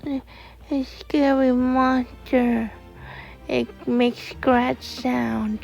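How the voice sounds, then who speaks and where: A frightened little girl, as a woman puts her on, speaks in a high, slow, trembling voice. The tone is dark and gravelly, and the recording is dull and lo-fi, with faint music behind. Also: level tone, full character voice.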